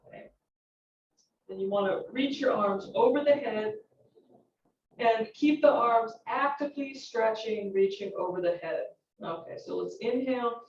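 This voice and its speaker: A woman teaching a yoga class, calmly cueing each movement and breath while counting repetitions. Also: on the high side, measured pace, a little hiss or hum. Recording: roomy, distant, dull-sounding studio recording.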